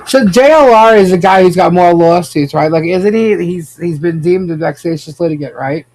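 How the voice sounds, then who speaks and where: A man's voice: high voice, moderate pace, darkish tone. A man hosting a casual podcast, chatting and reacting to viewer comments. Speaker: podcast host. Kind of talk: casual gossip chat.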